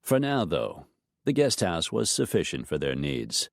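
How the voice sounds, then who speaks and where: A man's voice: extremely low pitch, huge pitch swings, unhurried, gravelly, no room sound, studio quality. A man narrating an audiobook romance in scripted storytelling style.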